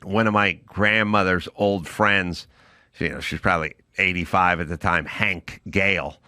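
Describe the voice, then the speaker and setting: A man's voice: low-pitched, steady tone, measured pace, bright, forceful tone, no echo, clean studio sound. A middle-aged man co-hosting a podcast, telling stories in an emphatic, ranting way. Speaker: podcast co-host. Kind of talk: casual chat.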